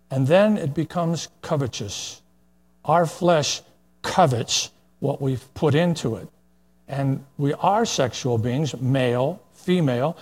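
Older preacher with a breathy, husky voice. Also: male voice, a little high, a little mellow. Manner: plain-spoken, folksy, with frequent fillers and asides. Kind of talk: verse-by-verse sermon.

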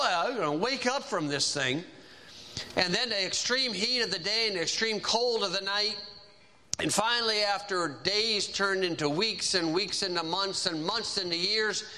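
A man preaching in a conversational, animated way, retelling a story and acting out its characters. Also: high voice, moderate pace. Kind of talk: sermon storytelling.

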